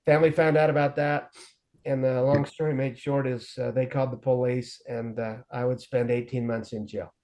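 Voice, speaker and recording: Man with a mellow voice recounting his past. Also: medium pitch, moderate pace. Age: 40s. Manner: earnest, animated retelling with quoted dialogue. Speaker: guest sharing his recovery story. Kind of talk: conversational storytelling.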